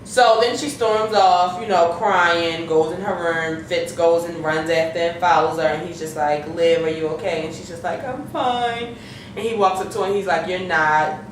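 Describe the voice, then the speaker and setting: A woman hosting a casual TV episode recap, talking in an animated, profane way and acting out the characters' lines. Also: fairly low pitch, moderate pace, few pauses. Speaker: TV recap host. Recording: echoey room, distant mic, faint noise.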